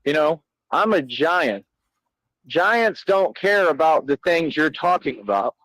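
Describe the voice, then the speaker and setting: Slow, boastful ranting man. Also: on the high side, lively intonation, a bit bright, no room sound, poor audio. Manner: boastful, repetitive, slangy. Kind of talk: boastful rant.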